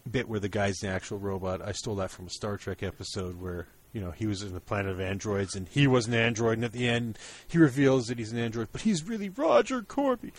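A man co-hosting a podcast, chatting casually about old episodes and laughing often as he retells the jokes. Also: on the low side. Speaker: podcast co-host. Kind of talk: casual chat.

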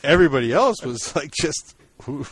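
A man's voice: a little high, expressive, moderate pace, slightly rough, dry recording. A man co-hosting a podcast, chatting casually about old episodes and laughing often as he retells the jokes. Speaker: podcast co-host. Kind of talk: casual chat.

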